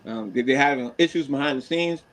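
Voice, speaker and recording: A man with a Boston accent, co-hosting a casual sports podcast, teasing his partner and laughing often. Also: brisk. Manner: teasing, laughs a lot, pitch jumps when mocking. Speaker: podcast co-host.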